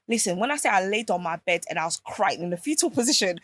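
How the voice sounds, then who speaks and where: Animated woman telling a story. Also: medium pitch, fast, hardly any pauses, dry recording. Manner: animated storytelling, swears freely. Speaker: podcast guest. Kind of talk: candid casual chat.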